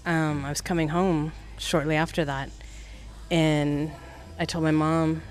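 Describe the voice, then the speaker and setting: A woman's voice: deep voice, measured pace. A woman barber in her forties telling stories in a casual interview, acting out the voices of the people in them. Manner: animated storyteller acting out quoted voices.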